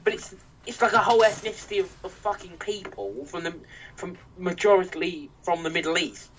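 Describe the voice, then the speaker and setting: A young Englishman with a high, slightly bright voice rants briskly on his podcast. He's heated and sweary, constantly restarting, and a distant mic adds faint noise.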